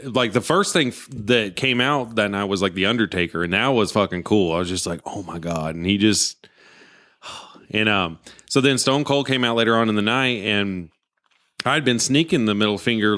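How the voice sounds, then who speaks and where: A man's voice: lowish voice, normal speed. A man in his thirties, a podcast co-host telling a story in casual chat and acting out the quotes. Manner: animated storyteller, acts out quotes.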